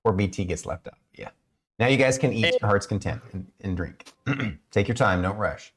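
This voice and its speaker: A man's voice: lowish voice, lively intonation, moderate pace, fairly bright tone, breathy edge. A man acting as game master on a live stream, chatting casually with laughs and stammered restarts.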